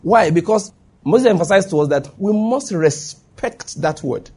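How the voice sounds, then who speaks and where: Male preacher, slightly higher voice with a husky edge, emphatic, keeps asking the room if they're following. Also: animated, measured pace, warm tone. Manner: emphatic, checks in with listeners. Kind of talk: sermon. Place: before a live congregation.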